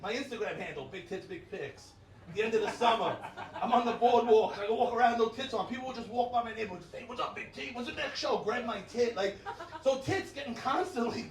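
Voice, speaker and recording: A high, lively male voice, brash and crude, laughing through his own stand-up bits. His mic is set back, so his voice reaches the listener from a bit of a distance. The club room around him echoes. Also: a little hiss or hum. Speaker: stand-up comedian. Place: comedy club stage.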